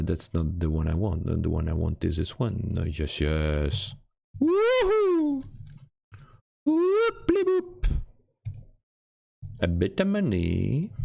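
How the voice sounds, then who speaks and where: A gravelly, low-voiced man chatting on his game-dev live stream from a desk mic at home. His pitch leaps all over as he swings between mumbled asides and excited squeals, always mocking himself. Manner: animated, self-mocking, jumps between mutters and squeals. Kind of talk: casual live-stream chat.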